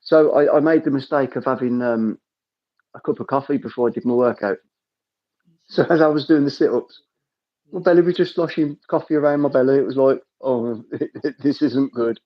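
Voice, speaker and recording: A man's voice: mid-range voice, brisk, dull audio. A man with a Birmingham accent hosting a casual live chat, jokey and playful, often repeating his words.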